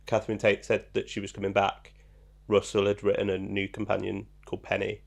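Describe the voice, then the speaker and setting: A man's voice: lowish voice, monotone, brisk, gravelly. A man co-hosting a podcast, reading out trivia in a casual, joking way with plenty of ums. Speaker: podcast co-host. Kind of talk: casual chat.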